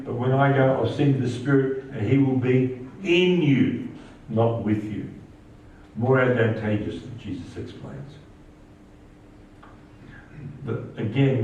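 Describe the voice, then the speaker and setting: Male pastor, animated sermon delivery, heard from a distance in an echoey church, slightly dull sound. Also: a little hiss or hum. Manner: animated preaching, rising pitch on quoted lines.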